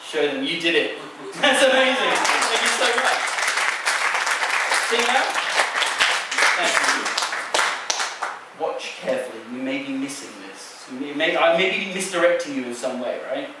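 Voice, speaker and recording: A loud crowd makes this distant, echoey theater clip very noisy as a male stage magician works a card trick and teases his volunteer. His slightly high voice has lively intonation, moving a little slowly with long pauses.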